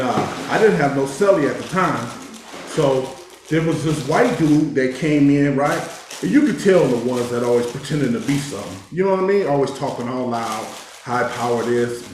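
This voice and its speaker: A man from Oakland telling prison stories in a streetwise, animated way while he cooks, growing heated as he tells of confrontations. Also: mid-range voice. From Oakland, California. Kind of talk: casual storytelling while cooking. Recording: very echoey room, faint noise.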